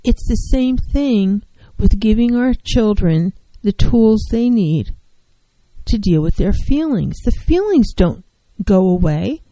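A woman's voice: mid-range voice, expressive, slow, mellow, dry recording, low-quality recording. Woman, middle-aged, counselor, earnest emphatic talk, dry close sound. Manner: earnest, emphatic, repeats key phrases. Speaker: licensed professional counselor. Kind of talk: educational talk on mental health.

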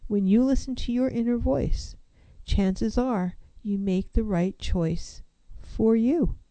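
A woman's voice: on the high side, slow, warm tone, no room sound. A woman counselor giving an earnest, reflective self-help talk, posing one rhetorical question after another.

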